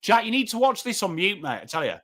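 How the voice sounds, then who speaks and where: An English man calls a footy match live for his stream, his voice sitting a touch higher than most men's. He swings between urging his team on and greeting viewers by name, talking animatedly into a desk mic. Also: big pitch swings, quick pace, fairly bright tone. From England. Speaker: livestream host. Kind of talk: live watchalong commentary and chat replies.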